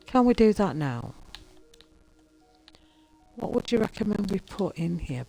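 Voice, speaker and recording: A woman's voice: lowish voice, vocal fry, warm tone. A woman chatting casually to her viewers as she plays a building game and talks to the characters. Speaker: gaming streamer. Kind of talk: casual gameplay commentary.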